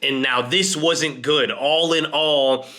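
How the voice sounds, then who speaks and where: A man hosting a finance video, giving casual market commentary in a fast, excitable way as he explains to viewers. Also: a little high.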